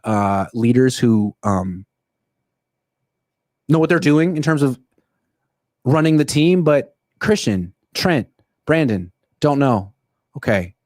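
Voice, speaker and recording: Animated young man ranting about sports. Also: dry recording, clean studio sound. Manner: animated, ranting, quick bursts with lots of pitch jumps. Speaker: sports podcast host. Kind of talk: solo livestream commentary.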